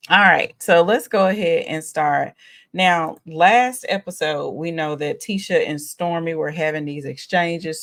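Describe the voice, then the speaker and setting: A woman hosting a casual reality show recap, chatty and exasperated, sighing and laughing as she talks. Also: fairly low pitch.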